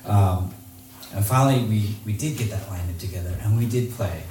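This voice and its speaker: A man tells a personal story to a live audience in a large hall, animated and slipping into the voices of the people he quotes. He sounds set back from the mic, and the room echoes around him with a little noise underneath. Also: on the low side, moderate pace, recorded from a distance. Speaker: speaker giving a talk.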